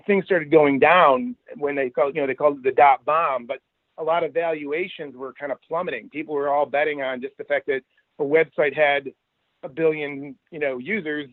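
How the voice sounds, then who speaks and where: A middle-aged man recounts his career in a lively, anecdotal way, slipping into the voices of the people in his stories. His voice sits a little high for a man. The sound is dry and tinny, like a phone line. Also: dry recording. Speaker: podcast guest. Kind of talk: casual storytelling interview.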